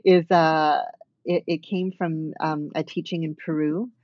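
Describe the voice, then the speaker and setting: A woman's voice: low voice, fairly even intonation, unhurried, no room sound, muffled recording. A woman dance artist talking thoughtfully as an interview guest, with many fillers and restarts. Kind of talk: reflective conversational interview.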